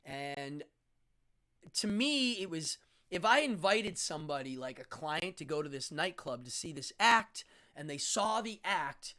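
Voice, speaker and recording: A man's voice: fairly high pitch, very animated, a little slow, sharp tone. A middle-aged man who hosts a talk show and works as a stage magician, telling backstage stories in a blunt, frank way. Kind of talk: casual storytelling on a talk show.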